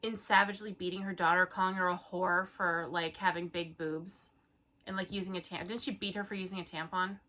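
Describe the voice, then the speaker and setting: A woman's voice: fairly low pitch, fairly even intonation, brisk, pushed and bright. A young woman co-hosting a casual chat, reading bad reviews aloud with sarcastic, mock-indignant remarks.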